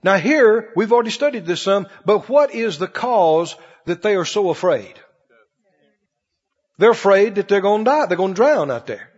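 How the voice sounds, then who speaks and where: A man's voice: sits high, big pitch swings, normal speed, a little mellow, breathy edge. A man preaching a sermon, telling stories and swinging his voice up and down for emphasis. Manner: storytelling preacher, rising and dropping emphatically. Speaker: pastor. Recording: dull lo-fi recording in a reverberant hall.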